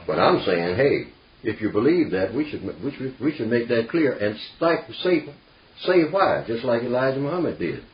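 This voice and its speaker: The folksy discussion leader now has a mid-range, sing-song voice and a moderate pace, still emphatic and leaning on "see" and "you know" in the informal group talk. The audio is dull and lo-fi, with room echo.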